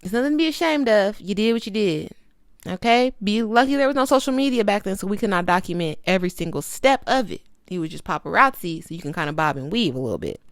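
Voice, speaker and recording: A woman's voice: medium pitch, sing-song, quick pace, no echo, clean studio sound. A young woman giving a sassy, emphatic casual commentary as she reviews a documentary.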